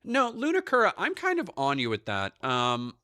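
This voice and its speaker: A man's voice: a little high, normal speed, dry recording. A young man streaming live, talking casually with lots of swearing and rambling asides. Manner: profane, animated, rambling.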